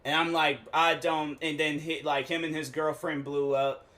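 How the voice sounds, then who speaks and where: A man hosting his own show, telling a rambling, animated comic story in slangy, casual talk with frequent restarts. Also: fairly high pitch, normal speed. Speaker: show host. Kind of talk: casual comedic monologue.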